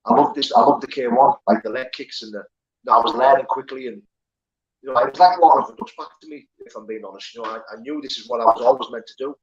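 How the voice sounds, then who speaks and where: A man's voice: mid-range voice, fast talker, dull audio. A man, candidly telling his life story as an interview guest, swearing and rambling with many fillers. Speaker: guest, former prisoner turned pro fighter.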